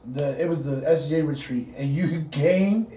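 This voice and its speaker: A young man joking crudely and laughing loudly in a casual chat with friends. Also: on the high side, a little slow. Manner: loud, laughing, crude banter. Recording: roomy, distant mic, noisy.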